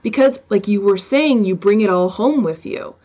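Animated woman hosting a podcast chat. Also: mid-range voice, muffled recording. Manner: animated, quick bursts with quoted asides. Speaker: podcast host. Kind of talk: casual interview chat.

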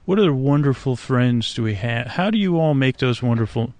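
A man's voice: mid-range voice, lively intonation, brisk, a little mellow, no room sound. A man hosting a sleep podcast, rambling and hesitant while improvising a monologue to the frogs outdoors by a swamp at night. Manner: meandering, hesitant, full of restarts and fillers, talks to frogs.

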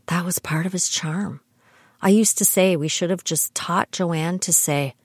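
Brief: middle-aged woman from Canada, lowish voice, dry close sound, reads wry family stories. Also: steady tone, unhurried, no echo. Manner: dry, wry humor with laughs. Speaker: podcast host. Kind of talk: scripted personal storytelling.

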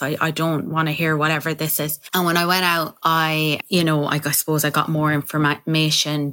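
A woman's voice: low-pitched, a bit bright. A young Irish woman talking candidly about her own life in an interview, chatty and acting out what people said to her. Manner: candid, chatty, acts out quoted speech. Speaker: podcast host telling her own story. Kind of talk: personal storytelling in an interview.

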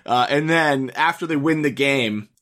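A man's voice: medium pitch, measured pace, fairly bright tone. Man co-hosting a joking film chat. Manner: joking, rambling with filler words. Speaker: podcast co-host. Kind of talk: casual comedic film discussion.

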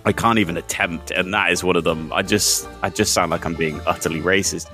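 A man's voice: low-pitched, fairly even intonation, brisk, bright, forceful tone, soft background music. A man chatting as a podcast guest, joking around and swearing casually. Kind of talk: casual chat.

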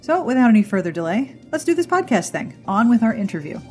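A woman's voice: a little high, sing-song, fast, darkish tone, soft background music. An enthusiastic woman hosting a podcast chats eagerly with her guest, tossing in playful asides. She grew up in Pittsburgh and keeps her talk loose and friendly. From Pittsburgh, USA. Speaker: podcast host.

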